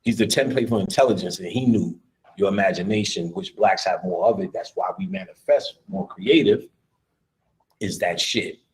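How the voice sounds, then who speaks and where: A man's voice: sits low, normal speed, rough recording. A man giving a live lecture in a loose, rambling, profane way, often laughing.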